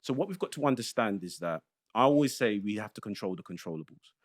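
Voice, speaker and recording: A man's voice: on the low side, animated, quick pace. A man from London's East End, giving emphatic explanations in a panel discussion and building his points step by step. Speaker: panel guest, education commentator.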